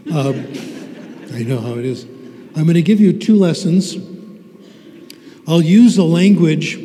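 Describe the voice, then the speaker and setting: Slow-talking man lecturing in a reverberant hall. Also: medium pitch, mellow. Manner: playful, teasing the audience. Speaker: speaker on language teaching. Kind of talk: humorous interactive lecture to a live audience. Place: large hall with a live audience.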